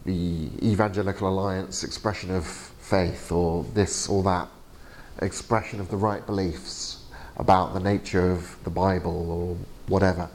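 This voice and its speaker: A man lecturing to a class in a halting, chatty way, with many fillers and restarts. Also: sits low, a little mellow, a little hiss or hum. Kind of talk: teaching session. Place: lecture room.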